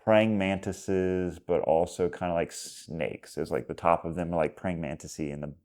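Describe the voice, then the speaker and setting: A fairly low-pitched man speaks as a podcast guest in a relaxed, rambling way. He fills his story with "like" and acts out little quotes. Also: moderate pace. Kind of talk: casual conversation.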